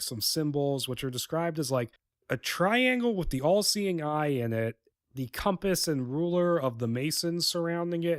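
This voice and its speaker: Man, podcast host, sarcastic, rambling, mid-pitched voice, dry close mic. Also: no echo. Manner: sarcastic, rambling, with many fillers and restarts. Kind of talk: casual spoken film script review.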